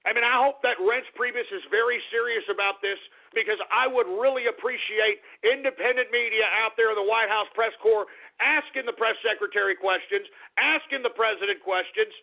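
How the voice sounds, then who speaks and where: A man's voice: sits high, a little fast. A male radio host delivering an angry, profane talk radio rant in tinny phone-like audio.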